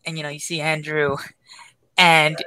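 A woman's voice: deep voice, flat delivery, moderate pace, sharp tone. A woman co-hosting a podcast in casual chat, gushing and emphatic with heavy swearing. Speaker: podcast co-host.

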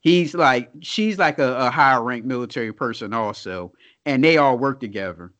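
A man's voice: mid-range voice, normal speed, fairly bright tone. A man cohosting a podcast in a laid-back, casual way, asking his partner questions. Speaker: podcast co-host. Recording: slightly muffled audio.

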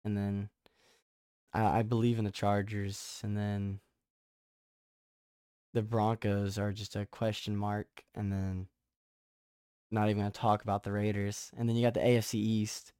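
Excitable young man hosting a podcast. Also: fairly low pitch, a little slow, pauses often, smooth, no room sound, clean studio sound. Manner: excitable, rambling, restarts often. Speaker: podcast host. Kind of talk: casual sports podcast chat.

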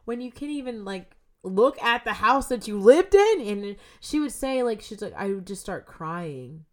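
A young woman appears as a podcast guest, telling a creepy story in casual conversation with a fairly high, animated voice at a moderate pace. She swears freely and swings between loud outbursts and hushed whispers.

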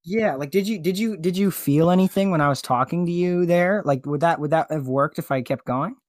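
A man hosting a comedy podcast in a goofy, flustered way. His voice sits a little high and shoots higher when he gets worked up. The recording is close and dry. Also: fairly quick, dry recording. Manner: goofy, flustered, rising to high squeaky pitch when panicking. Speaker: podcast host. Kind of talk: comedic casual chat.

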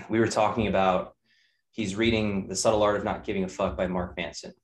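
Podcast guest: young male fitness coach, low voice, blunt and profane, loops ideas together. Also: fairly even intonation, a little fast, slight background noise. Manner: candid, profane, repeats ideas in chains. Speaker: nutrition coach and personal trainer, podcast guest. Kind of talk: casual podcast talk.

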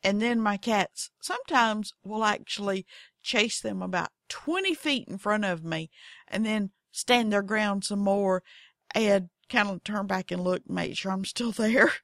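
A woman with a Southern accent talks slowly and folksily, hosting her own podcast. Her voice has a gravelly, fry-tinged edge. It is recorded dry and close, with no room sound. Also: mid-range voice, a bit bright, no echo. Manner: goofy, folksy, acts out her cats in voices. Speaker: podcast host. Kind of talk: casual storytelling monologue.

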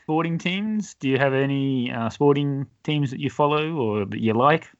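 A man hosting a podcast, asking questions in a relaxed, teasing way. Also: medium pitch, moderate pace, no room sound, muffled recording. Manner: playful, teasing, laughs along. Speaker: podcast host. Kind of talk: casual podcast interview.

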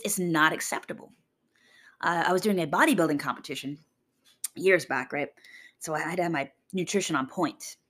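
A woman in a casual motivational monologue about fitness, blunt and swearing freely, often mimicking other people. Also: lowish voice. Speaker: fitness vlogger.

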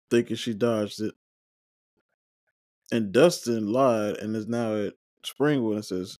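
A man hosting a watch-along, recapping scenes and reading out the characters' lines with quick joking asides. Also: lowish voice, steady tone, darkish tone, dry recording, studio quality. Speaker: watch-along podcast host. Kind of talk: casual recap, reading dialogue aloud.

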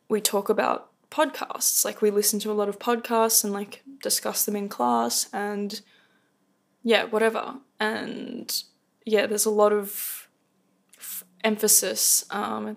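A young woman talks straight into a close podcast mic, rambling through a story with lots of fillers and restarts. Her mid-pitched voice carries a gravelly fry, and she pokes fun at herself as she goes. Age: young adult. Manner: rambling, self-deprecating, many fillers. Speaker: podcast host. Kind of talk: casual rant podcast.

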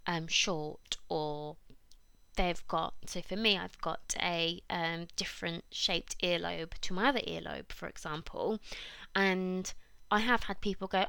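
A woman's voice: on the low side, steady tone, unhurried, creaky, pushed and bright, clear, resonant tone, no echo. A woman, hosting her own podcast in a chatty, emphatic and encouraging monologue. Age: 30s. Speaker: podcast host.

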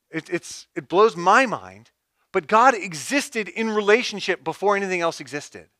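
A man's voice: high-pitched, bright, forceful tone, no echo, studio quality. A man preaching a sermon, stepping through numbered points and repeating key phrases for emphasis. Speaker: pastor.

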